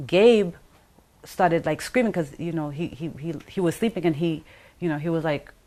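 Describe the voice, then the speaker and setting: A middle-aged woman, an interview guest, recounts a personal story in a rambling way, full of "you know" and "like," and acts out what people said. Her voice is deep and dark-toned, at a moderate pace.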